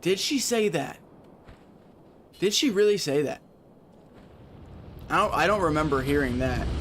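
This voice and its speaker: A man's voice: on the high side, background noise. Sarcastic male gaming streamer. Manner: sarcastic, chatting with viewers while playing. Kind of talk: casual gaming stream chat.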